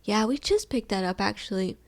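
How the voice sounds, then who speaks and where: A woman's voice: medium pitch, fairly quick, close to an everyday voice. A woman voicing a friendly, chatty male tow-yard worker who is easygoing and helpful and repeats himself as he talks.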